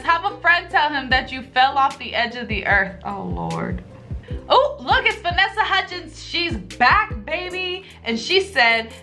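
A woman vlogger reading out comments in a casual, profane, joking way. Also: high voice. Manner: animated, profane, jokey, reads comments aloud. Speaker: vlogger reading advice replies. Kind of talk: casual reaction vlog.

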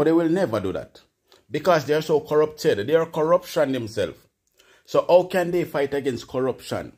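A Jamaican man with a Jamaican Patois accent, hosting a casual political commentary channel and ranting in an animated, indignant way. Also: mid-range voice.

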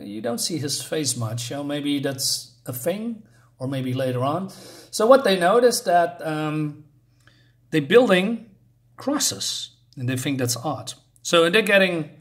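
A man casually walking through a comic book's story, hesitant and full of fillers and self-corrections, chatty and laughing at himself. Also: mid-range voice. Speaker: comic book reviewer. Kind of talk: casual comic book walkthrough.

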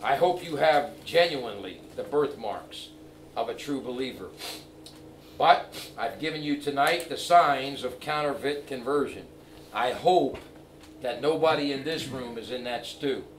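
A middle-aged male evangelist preaching a sermon in a church, telling a story and building to loud, emphatic preaching. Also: medium pitch, lively intonation, measured pace, a little hiss or hum. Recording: echoey church from far off.

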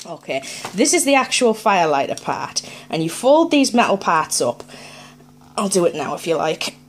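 A woman's voice: on the low side, sing-song, normal speed, slight background noise. A woman, chatting casually as she unboxes items on her vlog and thinks aloud in a playful way. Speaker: unboxing vlogger.

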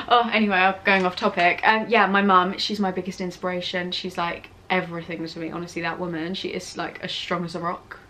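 A teenage English girl talks straight to her camera in a relaxed Q&A vlog. She rambles, giggles and wanders off topic. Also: medium pitch, a little hiss or hum. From England. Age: teens. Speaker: vlogger. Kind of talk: casual Q&A vlog. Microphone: camera mic with ring light setup.

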